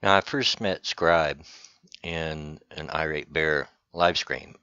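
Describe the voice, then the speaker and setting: A man with an extremely low voice chats easygoing and folksy as he gives shoutouts. His tone is bright and forward despite the depth. The recording is dry and a little dull. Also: steady tone, slow, clean tone, no room sound. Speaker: channel host giving shoutouts. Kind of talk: casual rambling commentary.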